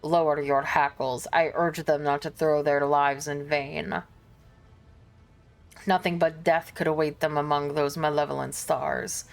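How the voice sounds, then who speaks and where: A proud, brooding space wolf warrior with a low, dark voice, as a woman reads him out. He speaks defiantly and with growling menace, in game dialogue read aloud. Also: level tone, a little slow, gravelly. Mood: stern.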